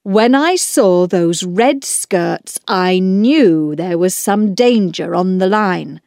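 A woman's voice: on the low side, lively intonation, slow pace, creaky, a little mellow, no echo, clean studio sound, exaggerated voice. A woman voicing a kindly male train driver in a storybook, plain and approving.

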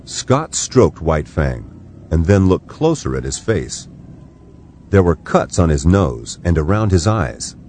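A man narrating an audiobook in a slow, expressive storytelling manner. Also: low voice, slight background noise.

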